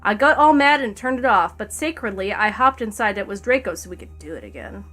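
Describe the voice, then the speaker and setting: A woman's voice: mid-range voice, lively intonation, fairly quick, pushed and bright, soft background music. A woman streamer reading a fanfic aloud, breaking into laughter and wry asides between lines.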